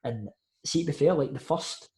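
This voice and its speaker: A young Scottish man, a podcast guest, telling football stories in a lively casual way and acting out what people said. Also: a little high, moderate pace. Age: young adult. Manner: lively anecdotes, says mate a lot, acts out quotes. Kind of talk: casual storytelling chat.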